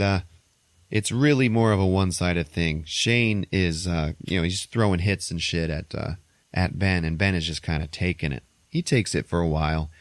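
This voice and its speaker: A man's voice: low voice, dry recording. A man hosting a podcast, retelling a movie plot in a casual, profane way, laughing as he goes. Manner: profane, laughs through retelling, acts out characters' lines. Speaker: podcast host.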